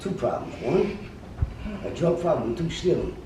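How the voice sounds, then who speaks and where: A man telling a story in a gruff, profane way and acting out the quotes. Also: on the high side, big pitch swings, normal speed, warm tone. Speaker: storyteller guest. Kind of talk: casual anecdote telling. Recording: echoey room, distant mic, faint noise.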